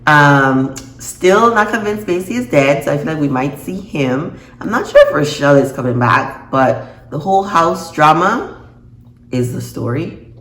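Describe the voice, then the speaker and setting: Woman chatting thru a tv recap, super expressive, roomy echo. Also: low voice, unhurried. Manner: expressive, reacts with laughs and gasps. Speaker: TV episode reviewer. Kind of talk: casual recap vlog. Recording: echoey room, faint noise.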